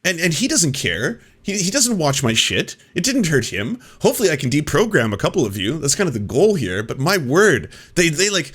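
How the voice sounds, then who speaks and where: A man's voice: on the high side, big pitch swings, a little fast, few pauses, fairly bright tone, slightly rough. A man hosting a commentary show, reacting to clips with sarcastic, mocking and profane remarks.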